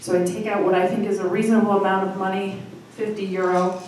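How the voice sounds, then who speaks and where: A woman in her thirties from Michigan hosting a live storytelling night, telling a personal story in a chatty, self-deprecating way with quick asides. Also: medium pitch, little pitch movement, darkish tone, far from the mic. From Michigan, USA. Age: 30s. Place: live storytelling venue with audience. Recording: echoey room from afar, faint noise.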